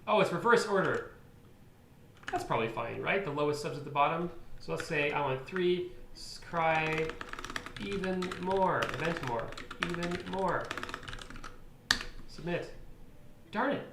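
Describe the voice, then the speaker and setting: Slow-talking man coding in an echoey room. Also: a little high, animated. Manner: mutters to himself, frequent exasperated outbursts and laughs. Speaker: streamer coding live. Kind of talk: live coding stream, thinking aloud. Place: room at a computer, keyboard clicks. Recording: echoey room, faint noise.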